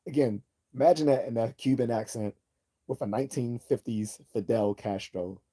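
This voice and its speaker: A man hosting a casual livestream, reading chat messages and telling stories in an animated way with frequent laughs. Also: mid-range voice, moderate pace, slightly rough. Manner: animated storytelling, acts out quotes, laughs often.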